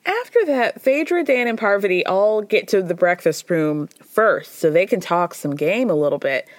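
A woman hosting a podcast who recaps reality TV in a chatty, gossipy way, with wry asides and frequent laughter. Her voice sits at a middle pitch. It is recorded close on the mic and sounds dry, with no room echo. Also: animated, normal speed. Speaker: podcast host. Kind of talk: casual reality-TV recap chat.

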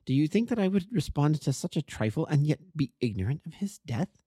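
A man's voice: fairly high pitch, big pitch swings, brisk, mellow, slightly rough, no room sound, clean studio sound, pitched above the performer's own voice. A man voicing a distraught, devoted young wife in an audiobook reading, with an intense, pleading manner. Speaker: amateur narrator.

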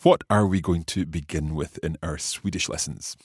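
A man's voice: extremely low pitch, normal speed, darkish tone, breathy edge, no echo, clean studio sound. A middle-aged man hosting a language lesson podcast, curious and good-humoured, asking lots of questions. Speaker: podcast host and learner. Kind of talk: scripted language lesson chat.

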